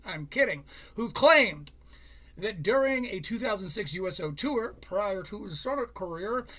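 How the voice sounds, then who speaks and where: High-voiced man telling a casual story. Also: lively intonation, unhurried, a bit bright. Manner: profane, laughing between lines. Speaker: podcast host.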